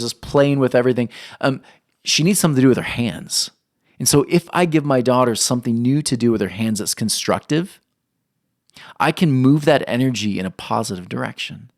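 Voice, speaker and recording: A man's voice: medium pitch, no room sound, studio quality. A young adult man preaching a sermon, earnest, putting questions to his listeners. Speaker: pastor.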